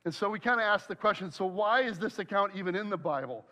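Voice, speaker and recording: A man preaching a sermon, telling a personal story in an animated way and acting out his own worried thoughts aloud. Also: high-pitched, fast talker. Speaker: pastor.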